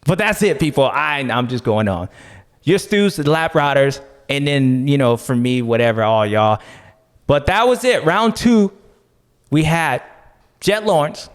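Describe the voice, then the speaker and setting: Animated man with a lively voice. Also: a little high, measured pace, clear, resonant tone, big-room sound. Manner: animated, slangy, joking. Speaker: podcast host. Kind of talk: casual podcast commentary.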